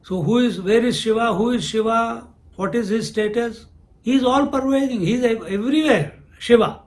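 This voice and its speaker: Higher-voiced man giving a spiritual discourse. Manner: unhurried, asks questions and answers them himself. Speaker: spiritual teacher.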